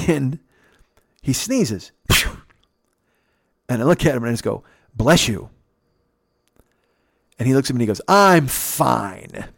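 A man telling a casual, profane story on a podcast, jumping up in pitch to mimic the people in it. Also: moderate pace, long pauses, dry recording, clean studio sound. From United States. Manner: animated, profane, mimics others with pitch jumps. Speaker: podcast host.

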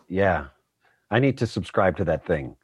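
A man's voice: deep voice, expressive, moderate pace, husky, no echo. A man in his fifties, a guest actor chatting casually on a podcast, rambling with self-deprecating asides. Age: 50s.

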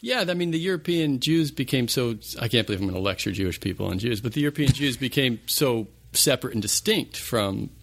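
A man's voice: medium pitch, animated, fairly quick, gravelly, few pauses, a bit bright. Comedian guest guy, always asking questions, bouncy voice. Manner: curious, asks lots of questions. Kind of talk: casual chat.

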